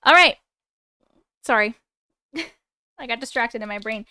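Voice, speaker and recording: A woman's voice: fairly high pitch, slow, sharp tone, no echo. A woman hosting a live stream, chatting playfully and reading viewers' strange stories aloud with little asides.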